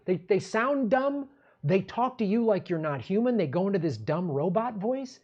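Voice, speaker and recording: A man's voice: sits high, sing-song, moderate pace, a little mellow. Angry, profane male political ranter. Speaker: political commentary show host. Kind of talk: ranting political commentary.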